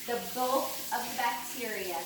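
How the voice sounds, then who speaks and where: A woman runs a lively cleaning demo at her kitchen sink, leaning on key words and asking her listeners questions directly. She sounds set back from the mic, her voice bouncing around a very echoey room over a faint hiss. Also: on the high side, normal speed, far from the mic. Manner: animated, emphatic, addresses audience directly. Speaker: product demonstrator. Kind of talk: live cleaning product demo.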